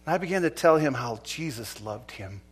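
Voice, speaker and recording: A middle-aged male pastor preaching a sermon, moving between urgent exhortation and quiet storytelling. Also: mid-range voice, lively intonation, a little fast, breathy edge. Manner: dynamic preaching, swinging from loud urgent exhortation to hushed storytelling.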